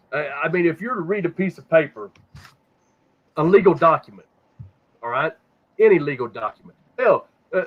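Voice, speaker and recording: A man hosting a casual podcast, rambling and swearing a lot, often repeating words as he hunts for the next thought. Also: a little high. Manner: profane, rambling, repeats words when stuck. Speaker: podcast host. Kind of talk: casual conspiracy talk. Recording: dull lo-fi sound.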